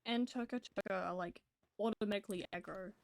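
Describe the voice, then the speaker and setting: A woman's voice: medium pitch, brisk, creaky, no echo. Woman streamer, casual gameplay chat, medium voice, chats with game critters. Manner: chatty, talks to game creatures.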